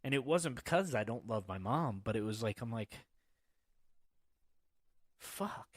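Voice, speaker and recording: A man's voice: mid-range voice, expressive, brisk, no echo, studio quality. Profane, rambling male podcast host. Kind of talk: casual chat.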